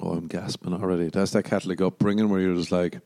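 Rambling, profane Irish man, mellow voice. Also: sits low, flat delivery, quick pace. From Ireland. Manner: profane, jokey, shifts into mock voices. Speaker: podcast host. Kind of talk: rambling solo podcast monologue.

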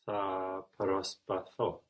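A man's voice: low-pitched, completely flat delivery, extremely slow. A man learning a language, giving short, careful answers to his teacher's prompts.

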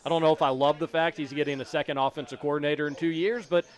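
A man's voice: on the high side, fairly even intonation, fast talker. Self-deprecating sports radio man. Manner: self-deprecating, stumbles over words. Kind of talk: casual sports talk radio.

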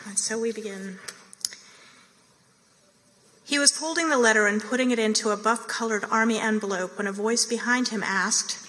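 A woman reading the narration of a play at a steady, measured pace. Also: fairly high pitch. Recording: reverberant hall.

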